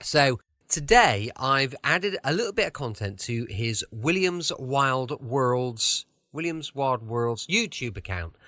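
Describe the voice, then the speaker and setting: Chatty bright-voiced man with a slight lisp. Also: mid-range voice, expressive, takes it slowly, few pauses, dry recording, clean studio sound. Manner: chatty, friendly and rambling. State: slight lisp from a sore tongue. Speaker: podcast host. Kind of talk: casual podcast introduction. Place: home.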